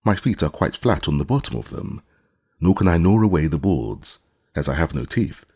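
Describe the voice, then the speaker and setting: A man voicing a boastful gravelly beast. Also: deep voice, expressive, moderate pace, a little mellow, exaggerated voice. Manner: proud, self-important bragging. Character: boastful, good-natured square-headed beast. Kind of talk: audiobook character reading.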